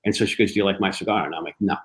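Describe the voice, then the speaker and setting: A man telling a story in a casual interview, lively, acting out the dialogue he quotes. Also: sits low, racing, low-quality recording. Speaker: cigar company guest. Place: live online show.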